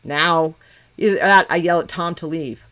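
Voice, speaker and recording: A woman's voice: lowish voice, brisk, a bit bright. A middle-aged woman hosting a casual chat. She talks bluntly, swears constantly and teases the people she is talking with. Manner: profane, blunt and teasing. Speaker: podcast host.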